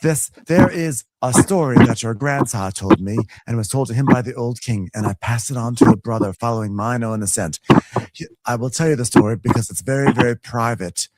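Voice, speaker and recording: A man's voice: mid-range voice, a little fast, a little mellow, voice pushed up, close to an everyday voice, low-quality recording. A man voicing a regal queen speaking solemnly to her young heir in a mock-formal way.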